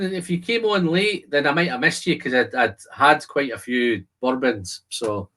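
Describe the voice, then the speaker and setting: A man's voice: medium pitch, pushed and bright. A man hosting a casual whisky live stream, chatting to viewers, answering their comments and describing the whisky he tastes. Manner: describes whisky aromas while tasting. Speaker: whisky channel host.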